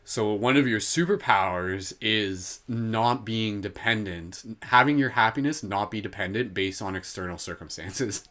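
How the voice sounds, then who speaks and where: A man hosting a live guided meditation, slow and soothing when guiding, giggly and playful between exercises. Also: fairly low pitch, a bit bright. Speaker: meditation host.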